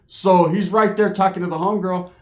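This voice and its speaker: A man hosting his channel, telling a street story in a casual, profane, animated way. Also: high voice, fairly quick. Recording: echoey room.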